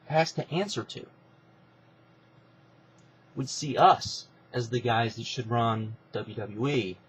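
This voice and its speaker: A man's voice: medium pitch, a little hiss or hum, close to an everyday voice, rough recording. A man doing a scheming wrestling executive. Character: scheming middle-aged male wrestling executive, persuasive.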